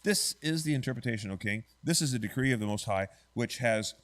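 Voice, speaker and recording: A man's voice: medium pitch, lively intonation, a little fast, fairly bright tone. Conversational male Bible study teacher. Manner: conversational, checks in with "right?" and quizzes the class. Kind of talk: teaching an adult church class. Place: church classroom.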